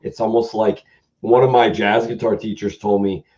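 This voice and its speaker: A man's voice: on the low side, little pitch movement, normal speed, a little mellow. A man hosting a casual music chat, rambling through stories and imitating the people he quotes. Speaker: host. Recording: muffled lo-fi sound.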